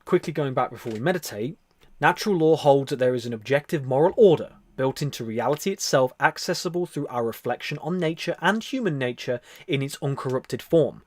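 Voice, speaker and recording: A man hosting a spiritual livestream, talking earnestly and repetitively, then softly whispering into a close microphone as he guides a meditation. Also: mid-range voice, animated, a little fast, no room sound. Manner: earnest, repetitive, soft-spoken. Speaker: livestream host.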